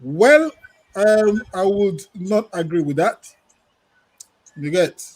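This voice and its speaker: A man from Nigeria co-hosting a casual podcast, who reads a listener comment aloud and then argues against it in a measured way. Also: high voice, expressive, low-quality recording. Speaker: podcast co-host.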